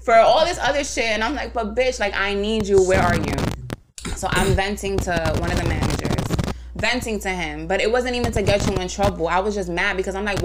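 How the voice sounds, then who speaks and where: A woman hosting a podcast, telling a story in a casual, animated way with lots of swearing and laughter. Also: mid-range voice, a little fast, noisy background. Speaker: podcast host. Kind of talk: casual chat.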